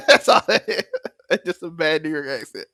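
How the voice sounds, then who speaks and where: A man with a high, lively voice hosts a TV recap podcast in excited casual chat. He laughs a lot and keeps slipping into the characters' lines. The sound is dry and close. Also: moderate pace, creaky, no room sound. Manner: animated, laughs often, acts out characters' lines. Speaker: TV review podcast host.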